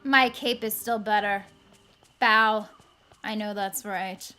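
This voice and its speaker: A woman's voice: mid-range voice, fairly even intonation, slow, pushed and bright, soft background music. A woman streamer commenting on her game in a haughty, mocking evil-queen persona. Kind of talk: in-character gameplay commentary.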